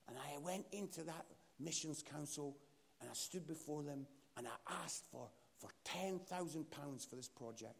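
Gravelly Scottish preacher telling stories. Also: male voice, on the high side, moderate pace. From Scotland. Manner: animated storytelling, acts out quotes. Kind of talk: sermon. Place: church.

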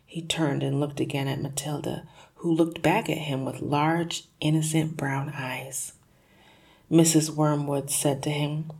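Gravelly, low-pitched woman reading a story. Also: measured pace. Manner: lively, dramatic reading. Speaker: storyteller reading a children's book. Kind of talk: expressive read-aloud narration.

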